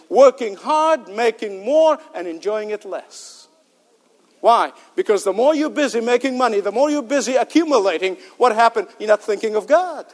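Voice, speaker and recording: A male preacher giving an emphatic sermon with rhetorical questions and joking asides. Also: very high-pitched. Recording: long hall reverb.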